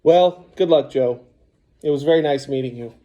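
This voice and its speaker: A man's voice: medium pitch, normal speed, mellow, lo-fi sound, lightly acted. Man reading as a polite, formal boy. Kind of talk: audiobook character voice.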